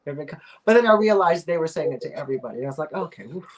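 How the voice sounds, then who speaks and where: A woman with a deep voice hosts a casual live-stream chat show, talking fast and animatedly. She rambles, fills her speech with fillers, and lets out little laughs.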